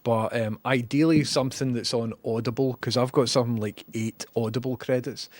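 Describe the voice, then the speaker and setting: A man's voice: medium pitch, fairly even intonation, brisk, few pauses, no echo. Wry man hosting a livestream. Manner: chatty, wry, reading out viewer comments. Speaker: livestream host. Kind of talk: casual live commentary.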